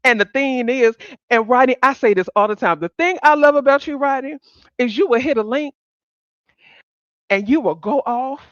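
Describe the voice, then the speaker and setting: A woman hosting a live stream, chatting casually with her audience in a blunt, profane and animated way, laughing often. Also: high-pitched, normal speed, pauses often, no room sound, muffled recording. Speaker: livestream host.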